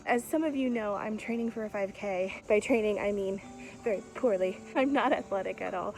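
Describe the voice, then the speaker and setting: Upbeat young woman chatting to her handheld cam outside, laughs a lot, mid-pitch voice. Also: moderate pace, a little mellow, soft background music, rough recording. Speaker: vlogger. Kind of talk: casual vlog chat to camera. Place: outdoors on a walk.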